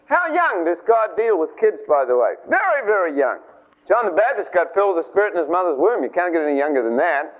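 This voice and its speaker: A man preaching an informal sermon, telling a story and acting out the voices of its figures in a chatty, animated way. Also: high-pitched. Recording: tinny lo-fi radio broadcast.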